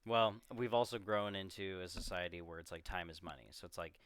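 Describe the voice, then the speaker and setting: A young man co-hosting a casual movie discussion, rambling and swearing freely as he acts out scenes in quick voices. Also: sits low, fairly bright tone, clear, resonant tone, no room sound, clean studio sound. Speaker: podcast co-host.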